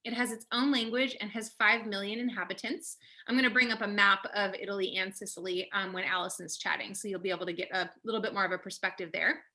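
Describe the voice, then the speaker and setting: A woman's voice: medium pitch, steady tone, quick pace, hardly any pauses, bright, forceful tone. A young woman casually hosting an online wine tasting over a video call, chatty and upbeat with lots of fillers.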